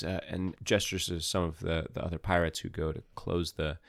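Low-voiced guy running a tabletop game, slow, dry close mic. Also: flat delivery, vocal fry, no room sound. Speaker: game master.

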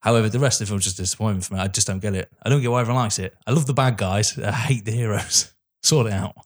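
A man's voice: fairly low pitch, very fast. A man in his thirties with an English accent, co-hosting a podcast and ranting animatedly about a film in casual chat, laughing often. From England. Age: 30s. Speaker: podcast co-host.

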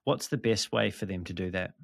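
A man hosting an interview podcast, speaking in a measured, courteous way with a few restarts. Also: low-pitched, creaky, dry recording, studio quality. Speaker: podcast host.

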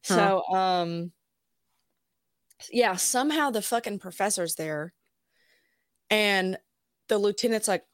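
A young woman co-hosting a podcast, retelling scenes in a profane, animated, laughing way. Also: mid-range voice, takes it slowly, long pauses, no echo, clean studio sound. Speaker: podcast co-host. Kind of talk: casual chat.

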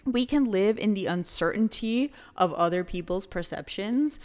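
A young woman co-host with an expressive, medium-pitched voice and a darkish tone talks at normal speed on a casual podcast. Passionate and emphatic, she swears freely and mixes Spanish words into her speech.

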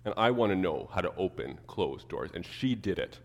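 A man preaching a sermon to his church, animated, acting out the people he quotes. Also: low-pitched, moderate pace, in a large hall. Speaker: pastor.

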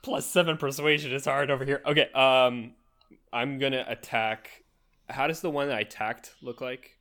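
A man's voice: mid-range voice, fairly even intonation, moderate pace, sharp tone. A man playing a tabletop game, chatting casually about his character's moves. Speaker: player.

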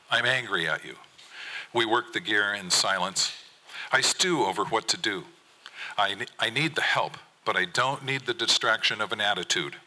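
A middle-aged fisherman poet giving an earnest, measured spoken-word reading of his own poem. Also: lowish voice, pushed and bright, low-quality recording. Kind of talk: performed poetry reading.

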